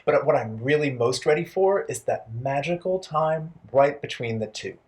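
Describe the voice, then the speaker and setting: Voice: mid-range voice, animated, moderate pace, a little mellow. A storytime host for young children, playful and encouraging, speaking directly to the kids and leading rhymes.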